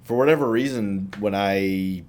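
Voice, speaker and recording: A man's voice: on the low side, a little slow, darkish tone. A man in his thirties from Utah co-hosting a podcast, rambling through stories in a laid-back way and swearing casually. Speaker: podcast co-host. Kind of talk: casual chat.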